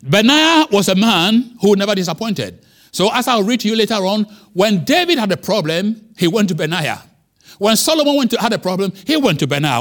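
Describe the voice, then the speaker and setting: A man preaching a sermon as pastor, emphatic, with wide swings in pitch and loudness. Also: very animated, moderate pace.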